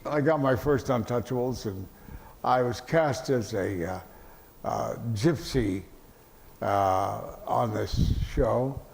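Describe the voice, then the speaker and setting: An older man, a veteran actor answering questions at an event, halting with many fillers and dry deadpan jokes. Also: medium pitch, gravelly. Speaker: interview guest, veteran actor. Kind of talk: relaxed panel conversation. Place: event hall with audience. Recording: echoey hall.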